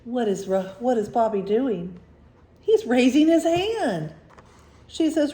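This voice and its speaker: Slow, gentle woman reading to kids. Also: fairly high pitch, expressive. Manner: gentle, questioning, engaging. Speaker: storybook reader for children. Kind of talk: reading aloud to children, asking questions. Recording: roomy echo.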